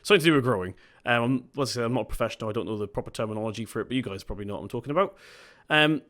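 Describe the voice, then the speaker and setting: A man's voice: medium pitch, rapid-fire, a bit bright. A young man giving casual let's-play commentary as a gaming video host, chatty and rambling, often stopping to correct himself.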